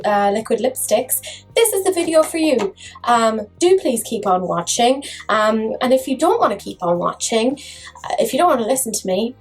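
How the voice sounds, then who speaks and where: A woman's voice: on the high side, breathy edge, poor audio. A woman chatting casually through a makeup review, full of self-mocking jokes. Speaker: makeup vlogger.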